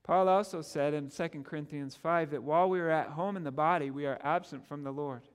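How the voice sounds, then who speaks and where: A man preaching a sermon as pastor, earnest and animated, often stammering on repeated words as he pushes a point. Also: a little high, brisk, smooth, long reverb tail.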